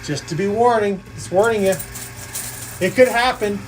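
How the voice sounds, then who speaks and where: Against background noise, a woman with a medium-pitched voice calls a live coin-pusher stream at a moderate pace. She's playful and jokey, tallying the scores out loud as she goes.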